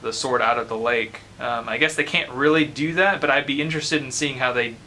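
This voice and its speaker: Man, student, thinking aloud, bright tone, faint ambient hum. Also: mid-range voice, brisk, rough recording. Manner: thoughtful, many fillers. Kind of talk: casual commentary.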